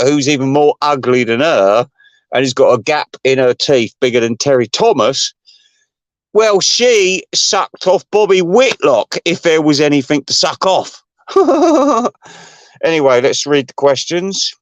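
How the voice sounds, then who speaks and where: A man hosts his own channel, rambling through a gossipy, foul-mouthed rant that keeps drifting onto tangents. His voice is high for a man, expressive and unhurried. The audio is close and dry, with no room sound.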